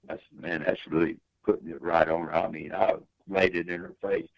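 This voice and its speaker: Older man, gravelly low voice, animated storytelling, dry dull recording. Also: a little fast, few pauses, dry recording. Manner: emphatic testimony with big pitch swings. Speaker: guest, singer. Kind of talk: storytelling in an interview.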